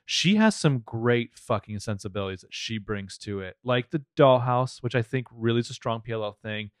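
An American man co-hosting a podcast, chatting casually, swearing often and narrating scenes with quick laughs. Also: medium pitch, expressive, dry recording, clean studio sound. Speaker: podcast co-host. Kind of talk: casual recap chat.

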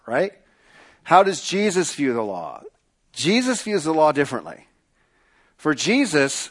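A male pastor preaching a sermon, emphatic, repeating phrases and slowing down to stress points. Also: a little high.

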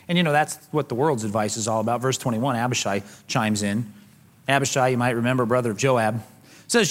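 A pastor preaching a sermon, retelling scripture conversationally with casual slang. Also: male voice, mid-range voice, a little fast. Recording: long hall reverb.

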